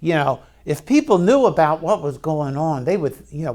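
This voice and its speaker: A man preaching a sermon in a slow, conversational way, asking the congregation questions and speaking candidly about himself. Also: on the high side, very animated, darkish tone. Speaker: pastor.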